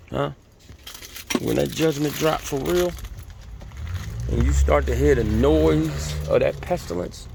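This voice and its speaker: A man's voice: on the high side, vocal fry, background noise. A man vlogging from his car, preaching bluntly and cursing as he talks to his viewers. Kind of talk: casual religious rant to viewers.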